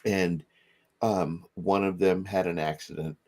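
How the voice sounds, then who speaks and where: A man's voice: low-pitched, fairly even intonation, a little slow, darkish tone. A middle-aged man co-hosting a podcast, telling a rambling story in casual chat and acting out the voices of the people in it. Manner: rambling, restarts and acts out quotes. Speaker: podcast co-host.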